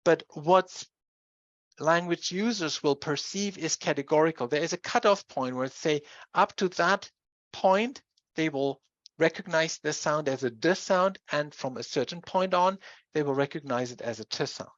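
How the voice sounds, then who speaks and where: A lecturer giving a university lecture, explaining slowly with pauses and restarts. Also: medium pitch, no echo, highs cut off. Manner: explanatory, with pauses and self-corrections.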